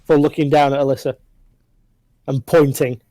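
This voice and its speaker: A man's voice: medium pitch, flat delivery, normal speed, warm tone, dry recording, low-quality recording. Male game master for an online tabletop session, rambling descriptive narration, dry close mic. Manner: descriptive, loose narration with frequent fillers.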